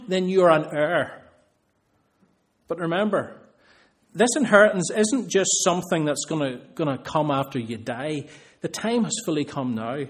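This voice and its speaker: A man preaching a sermon, earnest, building emphasis through repeated phrases. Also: sits high.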